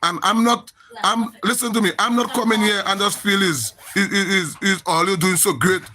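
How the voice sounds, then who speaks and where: A man's voice: high-pitched, moderate pace, pushed and bright. A man with a Grenadian accent ranting on a live social media stream, emphatic and repetitive, sounding exasperated.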